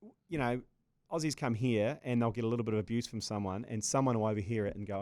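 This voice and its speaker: A man's voice: mid-range voice, fast talker, darkish tone, no room sound. A man with a New Zealand accent co-hosting a casual podcast, trading crude jokes and laughing often. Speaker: podcast co-host.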